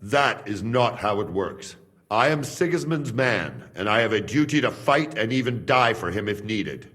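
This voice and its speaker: A man voicing a stubborn, loyal guard from Buda who speaks calmly and firmly, with quiet threat, in a game cutscene. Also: on the low side, normal speed. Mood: tense. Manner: calm, firm and threatening. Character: stubborn, loyal male guard holding captives. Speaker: a king's guard.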